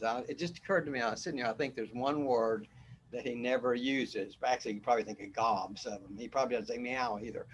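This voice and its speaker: A man's voice: mid-range voice, slight background noise. A man as a spiritual teacher, giving a casual, rambling talk where he often repeats words and chuckles.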